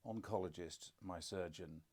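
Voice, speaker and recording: A man's voice: low voice, moderate pace, a little mellow. An older man, a podcast co-host and father, telling stories in casual conversation with dry, self-deprecating humour.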